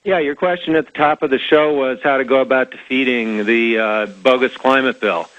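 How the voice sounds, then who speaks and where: Male caller, measured and deliberate, bright voice over the phone. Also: medium pitch, poor audio. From New Mexico. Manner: calm, reasoned, deliberate.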